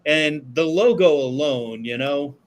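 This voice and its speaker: A man's voice: a little high, unhurried. A man co-hosting a casual talk show, telling profane, laid-back stories from a studio. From Florida. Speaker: podcast co-host. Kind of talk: casual chat.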